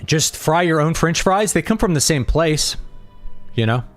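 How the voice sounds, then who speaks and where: A man's voice: fairly high pitch, animated, a little slow, soft background music. A man in his thirties streaming a game, talking casually and rambling as he thinks aloud. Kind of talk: casual gaming livestream chat.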